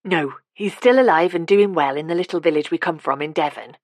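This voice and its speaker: A woman's voice: sits low, fairly quick, no echo, clean studio sound. Woman reading a polite young man.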